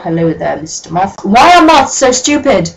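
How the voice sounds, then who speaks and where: A woman's voice: medium pitch, normal speed, vocal fry, poor audio. Sarcastic woman mocking a fanfic. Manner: sarcastic, sweary, deadpan asides. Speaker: reader and commentator. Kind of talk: comedic dramatic reading with commentary.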